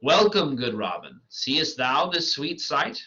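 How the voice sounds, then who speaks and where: A man's voice: on the high side, very animated, takes it slowly, sharp tone, breathy edge, full character voice. A man reading the part of a proud male fairy king, in a stately recital. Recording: lo-fi dull recording.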